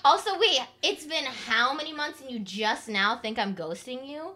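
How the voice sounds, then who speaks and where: Blunt, bright-voiced woman co-host. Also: sits high, animated, moderate pace. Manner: blunt, swears casually. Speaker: podcast co-host. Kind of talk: casual chat.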